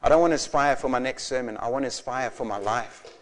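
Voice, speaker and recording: A man in his forties preaching a sermon, passionate and animated, telling stories with bursts of laughter. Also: mid-range voice, a little fast. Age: 40s. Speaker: pastor.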